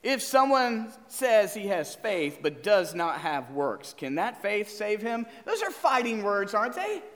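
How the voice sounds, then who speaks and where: A man preaching from the pulpit, keeping up a lively back-and-forth of questions with his congregation. His voice sits high and swings widely in pitch. The long reverb of a church hall trails each phrase. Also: measured pace. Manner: animated, asks the congregation questions. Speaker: pastor. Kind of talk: sermon.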